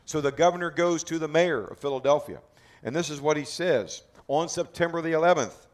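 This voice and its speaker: A man's voice: a little high, a little fast. A man leading a group through a history talk at a historic site outdoors, dramatic and emphatic, firing rhetorical questions at his listeners. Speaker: battlefield tour guide.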